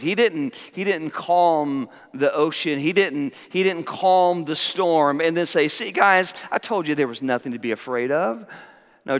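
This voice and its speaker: A man preaching a sermon, emphatic and repetitive, swinging from soft to loud. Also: on the high side, unhurried, clear, resonant tone, big-room sound. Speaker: pastor.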